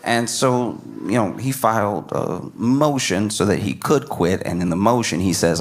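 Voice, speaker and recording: A man's voice: on the low side, measured pace, hardly any pauses, a little hiss or hum. A man doing a stand-up comedy set, riffing with disbelief and repeating his lines for effect.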